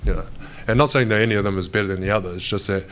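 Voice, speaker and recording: A young man with a New Zealand accent talks casually to reporters at a press event. His voice is very low, and he rambles loosely, saying "mate" over and over. There is faint background noise behind him. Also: racing, a bit bright. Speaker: pro basketball player. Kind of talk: media day press interview.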